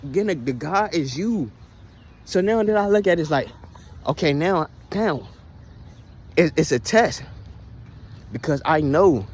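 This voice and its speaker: A man giving a casual motivational monologue, preachy and profane, full of rhetorical questions and repeated lines. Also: fairly high pitch. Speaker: spiritual vlogger.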